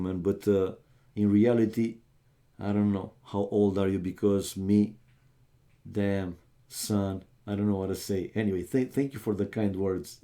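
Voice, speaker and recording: A young man talks with his stream viewers in an easy, unhurried way. His voice sits fairly low and has a dark, mellow tone. He moves between small talk with viewers and commentary on the match. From Romania. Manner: chatty, talks straight to viewers, calls them "man". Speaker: live streamer casting a strategy game. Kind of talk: casual live-stream chat and match commentary.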